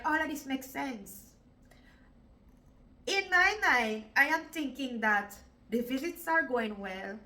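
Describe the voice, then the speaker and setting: A woman's voice: fairly high pitch, bright, forceful tone, rough recording. A Jamaican woman in her forties telling her own story in a vlog, emotional and repeating "like" often. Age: 40s. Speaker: vlogger.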